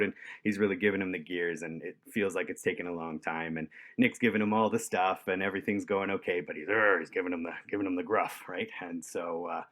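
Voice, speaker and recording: A man tells a story in a deep, low voice. He is relaxed and chuckles often, and his speech is full of easy fillers. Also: fairly quick. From Canada. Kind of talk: casual storytelling.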